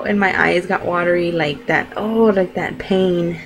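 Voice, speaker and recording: Chatty young woman, low voice. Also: moderate pace, a little hiss or hum, rough recording. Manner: chatty, rambling, full of fillers. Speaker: vlogger. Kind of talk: casual chat.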